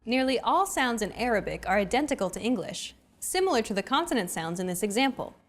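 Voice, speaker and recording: A woman hosting a language lesson, explaining pronunciation in clear, scripted narration. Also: a little high, sing-song, quick pace. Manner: clear, explanatory teaching delivery.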